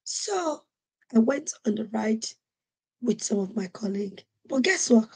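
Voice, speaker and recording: A woman from Nigeria hosting a podcast, telling a personal story in an animated way and acting out what other people said. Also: a little high, a little slow, creaky, husky. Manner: animated, acts out quoted voices. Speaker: podcast host. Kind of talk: storytelling monologue.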